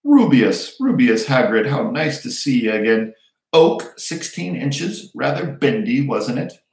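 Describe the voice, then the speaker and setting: A man reading aloud, voicing an old male wandmaker who speaks softly, draws out his words and turns stern and probing. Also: mid-range voice, big pitch swings, vocal fry, voice pushed up. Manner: soft and drawn-out, suddenly stern. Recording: roomy echo.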